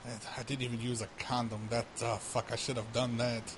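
A man's voice: medium pitch, little pitch movement, a little fast, a crowd in the background. A man hosting a prank call show, chatting crudely and laughing as he acts out voices in his stories. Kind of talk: crude casual banter.

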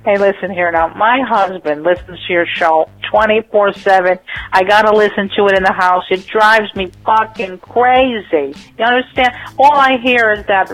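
A woman's voice: mid-range voice, fairly even intonation, normal speed, fairly bright tone, no room sound, faint music behind, poor audio. A woman leaving a call-in message for a show, talking in a brash way and swearing freely. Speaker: caller. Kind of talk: phone-in message.

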